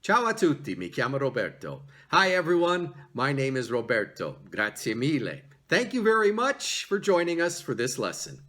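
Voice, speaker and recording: A man teaching a video language lesson, leading repeat-after-me drills with an animated, encouraging manner and exaggerated intonation. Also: medium pitch, normal speed, few pauses.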